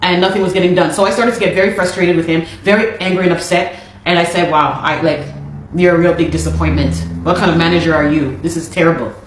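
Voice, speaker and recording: A woman's voice: on the low side, quick pace, slight background noise. A Canadian woman telling her own story in a casual, exasperated way, repeating herself as she goes. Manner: animated, exasperated retelling with repeated phrases. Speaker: interviewee. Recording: echoey room.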